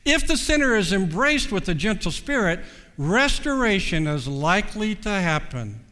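Preacher, male, earnest and measured, fairly high-pitched, long hall reverb. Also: big pitch swings, pushed and bright. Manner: measured and earnest, with slow stressed pauses. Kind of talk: sermon.

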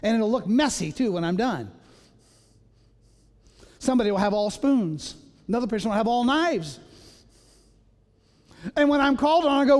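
High-voiced preacher in a reverberant church. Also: male voice, lively intonation, normal speed, pauses often, darkish tone. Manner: storytelling, acts out voices, self-mocking humor. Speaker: pastor. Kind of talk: sermon. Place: church sanctuary. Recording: long reverb of a large hall.

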